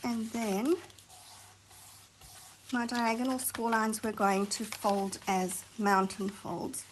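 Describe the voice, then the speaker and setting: A woman hosting a craft tutorial, chatting and thinking aloud as she works, sometimes dropping to a soft near-whisper while she concentrates. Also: fairly high pitch, flat delivery, slow pace, slight background noise, poor audio. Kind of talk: chatty hands-on craft demonstration.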